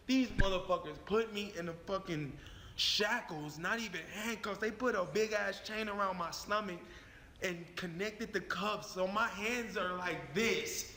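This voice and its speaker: A man's voice: sits high, unhurried, sharp tone, slight background noise. A young man telling his own story in a heated, profane, emphatic way. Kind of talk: animated storytelling. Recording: long reverb on the voice.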